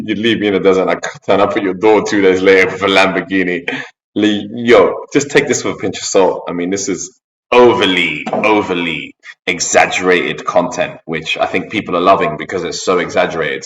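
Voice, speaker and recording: A man hosting a reaction video, giving hesitant, measured commentary. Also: low voice, slight background noise. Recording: echoey, distant, dull sound.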